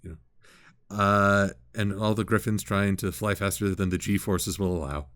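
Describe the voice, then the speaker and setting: A man hosting a casual chat, playful and jokey with animated asides. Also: lowish voice, moderate pace, no room sound, clean studio sound. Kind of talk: casual video-call chat.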